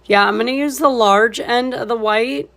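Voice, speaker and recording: A woman's voice: on the high side, normal speed, a bit bright. A woman leading a live painting tutorial, laid-back and thinking aloud as she works. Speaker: painting instructor.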